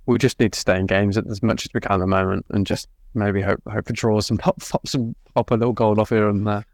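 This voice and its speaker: A man's voice: lowish voice, little pitch movement, fairly quick, dry recording, clean studio sound. A man co-hosting a football podcast, glum and wry, swearing freely. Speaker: podcast co-host. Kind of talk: casual football chat.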